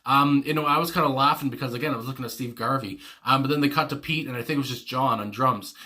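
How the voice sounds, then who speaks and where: Bright-voiced man rambling on. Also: medium pitch, quick pace. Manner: rambling, full of fillers and casual swearing; enthusiastic, fond. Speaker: music reaction host. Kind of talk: casual reaction commentary.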